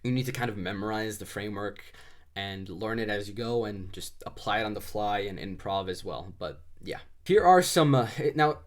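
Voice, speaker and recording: A man with a somewhat low voice explains sales calls in a loose, chatty way. He talks through ideas with frequent fillers and restarts. He sounds a little congested. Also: lively intonation, normal speed. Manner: loose and conversational, many fillers. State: slightly congested. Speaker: sales trainer. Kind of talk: casual instructional talk.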